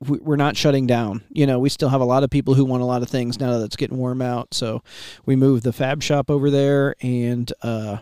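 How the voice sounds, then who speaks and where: A man's voice: medium pitch, steady tone, brisk, few pauses, dark tone, smooth, no echo. Laid-back male shop owner hosting, dry close mic. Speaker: shop owner and podcast host. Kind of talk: casual podcast chat.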